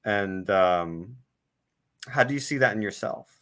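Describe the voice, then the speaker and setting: A male host talks with a bright, forceful tone. His delivery is booming and animated. He sounds explosive when he gets going in casual conversation. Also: a little slow.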